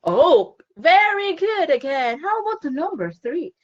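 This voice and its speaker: A woman's voice: very high-pitched, very animated, measured pace, dull audio. A woman teaching an online phonics lesson to a child, cheerful and encouraging, laughing often.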